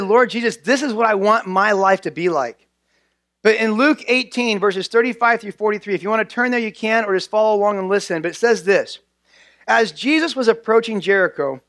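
A man with a notably high voice delivers a church sermon. He speaks earnestly and drives points home by repeating key phrases. The sound is dry and close, with little room echo. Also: fairly bright tone. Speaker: pastor.

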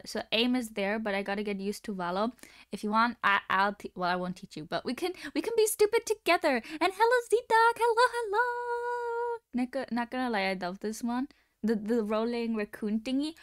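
A young woman streamer chatting casually with a smooth, resonant voice. She tells stories in an animated, talkative way, close to a dry mic. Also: on the high side, a little fast, no echo. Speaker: livestream host. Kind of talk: casual chat.

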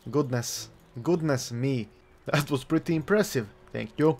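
A man's voice: medium pitch, takes it slowly, faint music behind. Playful, jokey male gameplay commentator. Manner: playful, jokey, chuckling, mock-outraged swearing. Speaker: gaming channel host. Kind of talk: let's play commentary.

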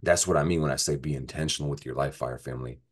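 Very deep-voiced, swearing astrology man. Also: fast. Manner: profane, rambling, jokey. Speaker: astrology vlogger. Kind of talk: casual astrology forecast.

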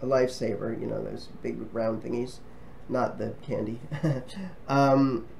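A man's voice: medium pitch, steady tone, a little slow, gravelly, darkish tone, slight background noise. A man casually talking to camera as a travel vlogger, friendly and rambling, with frequent ums and restarts. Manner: friendly and chatty.

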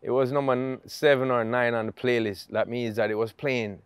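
A middle-aged Jamaican man telling stories in a relaxed, easygoing interview chat, laughing often. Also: mid-range voice, a little fast, clean tone, dry recording. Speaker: guest musician.

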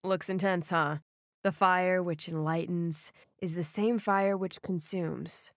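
Woman doing a calm teen boy, protective, teasing, dry close sound, storybook cartoon. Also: fairly low pitch, takes it slowly, dry recording, voice pushed down.

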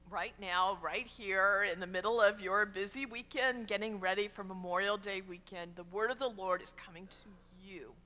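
A woman pastor preaching a sermon in a church, telling the story with wry humor and sudden quiet drops. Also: mid-range voice, in a large hall. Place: church sanctuary.

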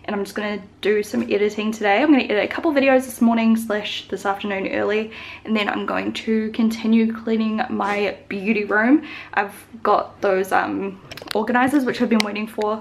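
A woman's voice: medium pitch, gravelly. Chatty young woman with a slight lisp. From New Zealand. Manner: chatty, rambling, with many "like" and "um" fillers. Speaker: beauty vlogger. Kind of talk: casual vlog chat. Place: home.

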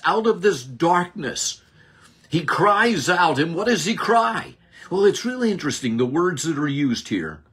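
A man teaching a Bible lesson as a sermon, slow and deliberate, dropping low and rising high for emphasis. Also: fairly bright tone, slightly rough. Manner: slow, deliberate preaching with dramatic drops and rises.

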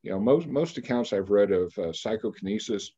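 Low, mellow-voiced man in his sixties telling a story. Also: lively intonation, slightly rough, lo-fi sound. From Kansas, United States. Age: 60s. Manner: measured, anecdotal storyteller who pauses on fillers. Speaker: interview guest. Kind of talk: storytelling in a radio interview.

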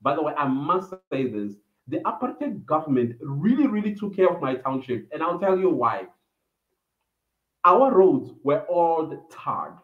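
A man's voice: on the high side, very animated, a little slow. A man from Africa, hosting a livestream and telling a personal story in a reminiscing, meandering way with many fillers. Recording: echoey room over a tinny phone-like line.

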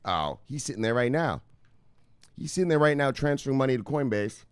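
A man's voice: medium pitch, lively intonation, a little fast, clean tone, no room sound, studio quality. Rambling, profane male crypto vlogger. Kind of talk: casual chat to viewers.

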